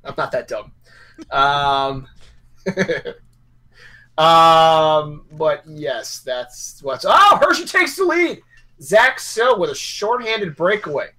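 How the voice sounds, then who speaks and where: A man's voice: on the high side, sing-song, very slow, sharp tone. A man co-hosting a hockey podcast in casual, rambling chat, joking and correcting himself as he goes.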